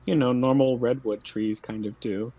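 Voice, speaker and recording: A man's voice: medium pitch, fairly even intonation, normal speed, warm tone, no echo. A man playing a tabletop game, chatting casually and slipping into theatrical in-character lines. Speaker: player.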